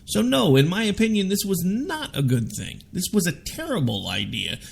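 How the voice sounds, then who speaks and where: Talk radio host, male, gravelly and a bit high, forceful opinionated debater. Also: very animated, moderate pace.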